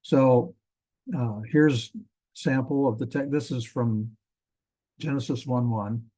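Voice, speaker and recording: A man teaching a classroom lecture in a relaxed, rambling way, with frequent ums and self-corrections. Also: mid-range voice, slow. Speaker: Hebrew teacher.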